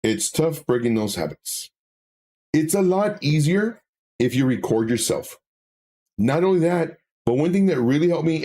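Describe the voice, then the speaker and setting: A man's voice: a little high, dark tone. A man co-hosting a live stream, reading viewer comments and talking candidly, with many fillers and self-corrections.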